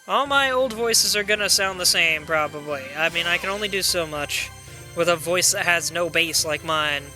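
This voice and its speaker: A man with a high, very bright voice chatting casually through a game playthrough, reading dialogue aloud between his own remarks. Quiet game music runs underneath him. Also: moderate pace. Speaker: gameplay commentator. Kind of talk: let's play commentary.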